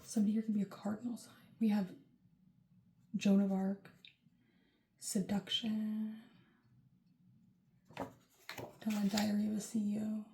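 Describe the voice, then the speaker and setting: A mellow, warm-toned woman talking through a tarot reading in a loose, rambling way, often padding with "like" and "um". The room gives her voice a roomy echo, with a faint hiss behind it. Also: medium pitch, monotone, a little slow, vocal fry, pauses often. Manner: rambling, chatty, full of "like" and "um". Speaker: tarot reader. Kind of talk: casual tarot reading to camera.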